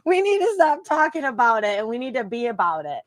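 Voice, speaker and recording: A woman's voice: fairly high pitch, big pitch swings, fairly quick, no room sound, studio quality. A woman from Michigan, a psychic hosting a live stream, chatting casually and emotionally, laughing often and repeating herself.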